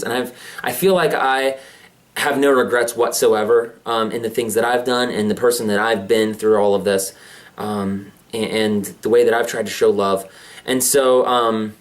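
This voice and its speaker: A man in his twenties, a vlogger, telling a personal story in a rambling way with many fillers and restarts. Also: mid-range voice. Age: 20s. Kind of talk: personal confessional vlog.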